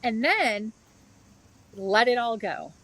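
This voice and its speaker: A woman's voice: on the high side, animated, slow pace, a bit bright, low-quality recording. Woman guest explaining a practice earnestly. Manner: earnest, explains step by step with examples. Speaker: guest author and yoga therapist. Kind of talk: conversational interview.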